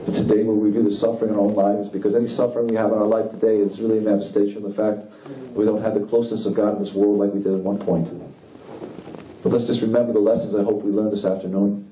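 A man preaching with impassioned, climbing emphasis. His voice is warm and mellow. He is picked up from a distance in an echoey hall, with a faint hum of the room behind him. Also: level tone, racing. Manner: impassioned, rising pitch for emphasis. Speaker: rabbi. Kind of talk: sermon.

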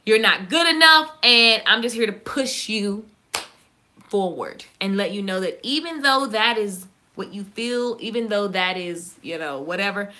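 A woman with a Southern US accent, chatting casually and fast to her viewers, joking and reacting to their comments. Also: on the high side, bright, forceful tone. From Southern United States. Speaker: YouTuber. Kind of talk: casual live-stream chat.

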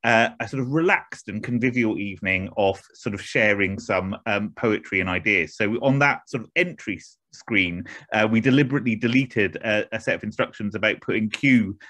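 A man's voice: lowish voice, normal speed, a bit bright, no room sound. A man with an English accent hosting an online academic evening, introducing speakers in a hesitant, self-deprecating way over a video call. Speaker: host of an online academic event. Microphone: computer mic on a video call.

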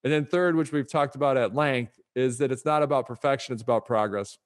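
A middle-aged man speaks as a guest author on a podcast interview. He talks in an upbeat, motivational way with brisk delivery, at an average pitch for a man.

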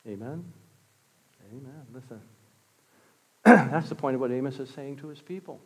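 A man preaching a sermon as pastor, impassioned, swinging from loud exclamations to hushed tones. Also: medium pitch, animated, a little slow, long pauses, breathy edge. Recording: long reverb of a church hall.

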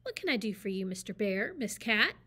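A woman's voice: mid-range voice, very animated, brisk, bright, forceful tone, slightly rough, exaggerated voice. A woman voicing a fussy male owl who runs a small building and is worn out by his noisy neighbors. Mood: polite.

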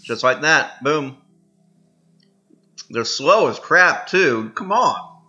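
Slow, bright-toned man chatting over gameplay. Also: on the high side, expressive. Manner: rambling and self-amused, talks while munching candy. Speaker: let's-play host. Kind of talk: casual gameplay commentary. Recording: dull lo-fi with faint music.

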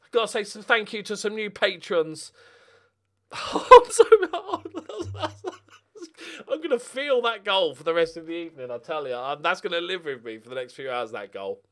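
A man giving casual commentary over a football management game, muttering and then bursting out in loud swearing. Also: fairly high pitch, expressive, fast talker, hardly any pauses. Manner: swears a lot, swings from mutters to angry outbursts. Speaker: gaming YouTuber.

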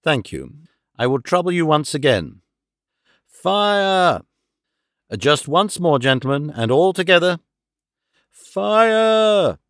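A man voicing a calm, clever detective with an amused, theatrical manner, in an audiobook reading. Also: on the high side, moderate pace, no room sound, clean studio sound.

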